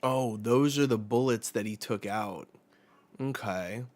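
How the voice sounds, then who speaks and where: A man's voice: on the low side, takes it slowly, a little mellow. A man hosting a live manga chapter reaction, talking bluntly and with a lot of swearing while summarizing the panels aloud. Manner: blunt and profane.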